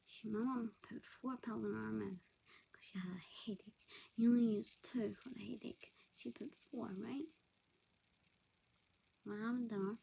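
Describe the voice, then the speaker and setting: A woman's voice: fairly high pitch, steady tone, measured pace, vocal fry, long pauses, mellow, breathy edge, poor audio. A young woman telling personal family stories in a casual vlog, often dropping to a whisper and correcting herself as she goes. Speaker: vlogger.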